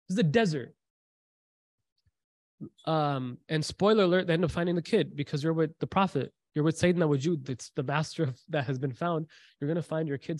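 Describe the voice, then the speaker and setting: A man's voice: a little high, a little mellow, no room sound. A man giving a sermon, retelling a story with quoted dialogue and repeated lines for emphasis. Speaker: preacher.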